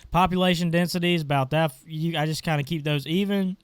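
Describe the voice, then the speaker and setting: Speaking fast in a fairly high, fairly even voice, a male gaming channel host walks through settings in a casual screen-recorded tutorial. He sounds stuffy and congested and talks offhandedly, and the clean studio recording has a clean tone and no room sound.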